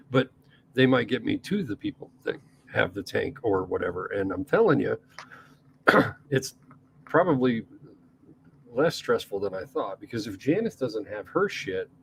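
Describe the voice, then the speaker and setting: An East Coast man with a gravelly, low-pitched voice co-hosts a podcast. He rambles in casual chat, restarting his sentences and cursing now and then. Faint noise sits under his voice. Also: poor audio. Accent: East Coast American. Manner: rambling, with frequent restarts and profanity. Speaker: podcast co-host.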